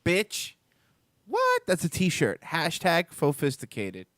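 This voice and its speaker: A man's voice: fairly high pitch, wildly swooping pitch, slow pace, a bit bright, no echo, studio quality. A man co-hosting a casual comedy chat show, joking and teasing his co-hosts. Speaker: podcast co-host.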